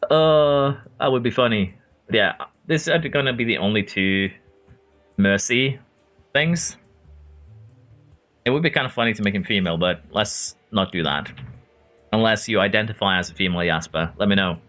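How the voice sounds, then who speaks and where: With soft background music playing, a man from Norway streams a racing management game and chats with his audience. His lowish voice has lively intonation and a sharp tone, moving at normal speed with long pauses. He's chatty and laughs frequently, addressing viewers by name as he reads chat.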